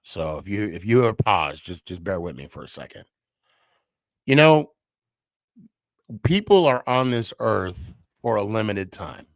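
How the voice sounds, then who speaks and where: Slow, halting man, reflective. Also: fairly low pitch, lively intonation, gravelly, no room sound. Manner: halting and heartfelt, with frequent restarts and pauses. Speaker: podcast host. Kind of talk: personal reflective monologue.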